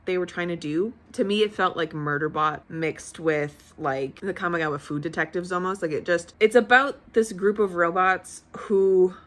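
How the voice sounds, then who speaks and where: Chatty young woman vlogging, low-pitched. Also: moderate pace, hardly any pauses. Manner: chatty, emotional, laughs often, swears casually. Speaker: book vlogger. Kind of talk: casual chat. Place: at home.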